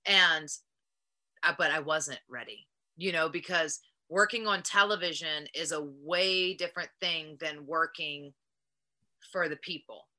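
A woman's voice with a bright, forward ring and a slightly low pitch. She is middle-aged and talks casually and animatedly, peppering her stories with "like". She slips into quoting her past self as she goes. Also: a little slow. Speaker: wrestler and guest. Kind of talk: casual interview storytelling.

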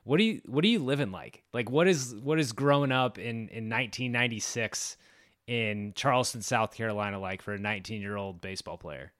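A man's voice: medium pitch, a little fast, a bit bright, no echo, clean studio sound. A man hosting an interview, asking detailed questions full of statistics. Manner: detailed, stat-heavy questioning. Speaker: podcast host.

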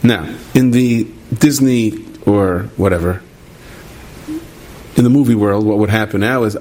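Husky-voiced man telling a story. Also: fairly low pitch, a little slow. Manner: animated, repeats phrases, acts out voices. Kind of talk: spoken storytelling.

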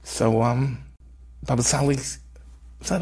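A man's voice: mid-range voice, moderate pace, a little mellow, slightly rough. A man, a rabbi, telling an inspirational story in an earnest, conversational way.

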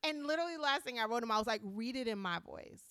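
Chatty sarcastic woman, smooth and dry. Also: fairly high pitch, lively intonation, fast talker, fairly bright tone, dry recording. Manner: chatty, sarcastic, laughs often. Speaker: podcast host. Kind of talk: casual chat.

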